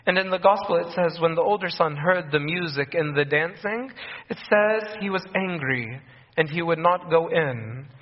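A man's voice: a little high, normal speed. A man preaching a sermon, earnest, repeating key phrases and acting out the voices of people in his stories. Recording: echoey room, dull lo-fi sound.

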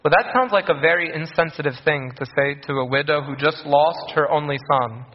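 A man with a fairly high voice delivers a sermon, earnest and deliberate, often repeating his key phrases for weight. The recording is dull and lo-fi. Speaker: priest.

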